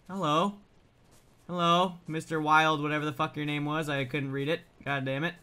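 Excitable swearing gamer man, bright voice. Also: a little high, normal speed. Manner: excitable, swearing, frequent startled outbursts. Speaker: gaming YouTuber. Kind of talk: let's play commentary.

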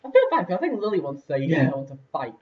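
Young male let's-player, lively higher voice, rambling chatty delivery, distant dull mic. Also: fast talker. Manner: chatty, rambling, lots of fillers and laughs. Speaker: let's play host. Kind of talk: casual gameplay commentary.

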